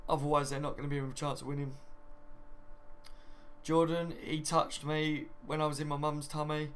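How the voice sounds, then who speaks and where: This young live streamer has a slightly high, clean, fairly bright voice with little pitch movement and a moderate pace. He chats in a matey way while reading out viewer comments, frequently dropping "mate" and "do you know what I mean."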